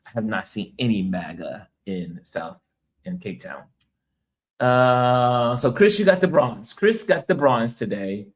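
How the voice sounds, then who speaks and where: A man's voice: mid-range voice, animated, unhurried. An American man, tired from travel and little sleep, hosting a casual livestream, chatting loosely and reading viewer comments aloud with frequent laughs. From United States. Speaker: livestream host.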